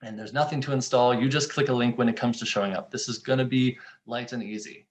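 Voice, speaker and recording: A man's voice: mid-range voice, fast talker. A man hosting a webinar, talking conversationally and playfully acting out quotes. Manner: animated, playful, acts out quotes. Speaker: webinar host, software founder.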